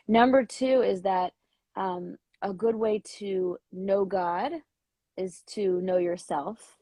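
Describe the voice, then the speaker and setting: A woman with a slightly rough morning voice speaks in a mid-range pitch, close to the mic and dry. She talks hesitantly, with fillers, spelling out her points slowly as a guest in a casual chat. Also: darkish tone, no echo. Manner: hesitant with many fillers, slow deliberate listing. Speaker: educator and author, guest. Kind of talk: casual video-call interview.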